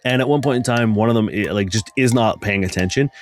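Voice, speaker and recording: A man's voice: fairly low pitch, fast talker. A man narrating a tabletop game as game master, rambling with many fillers.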